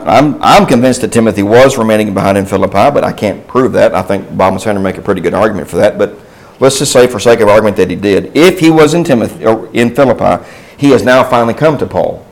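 A man's voice: on the low side, low-quality recording. A man teaching a Bible class in a conversational way. He asks the class questions and answers them himself, with restarts and asides along the way.

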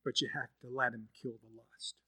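A man's voice: mid-range voice, flat delivery, fairly quick, sharp tone, breathy edge. A man preaching a sermon, telling a story and acting out its dialogue. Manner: storytelling, acts out quoted dialogue.

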